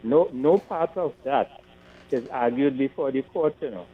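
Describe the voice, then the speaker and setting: A man calling a radio show, speaking in a measured, cautionary way with some hesitation. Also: mid-range voice, slightly rough. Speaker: caller. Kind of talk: call-in warning. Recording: tinny phone line with mains hum.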